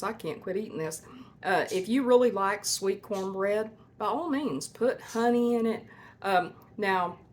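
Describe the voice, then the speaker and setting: A woman hosting a homestead cooking vlog from her kitchen, chatting to viewers in a folksy way. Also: mid-range voice. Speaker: homestead cooking channel host. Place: home kitchen.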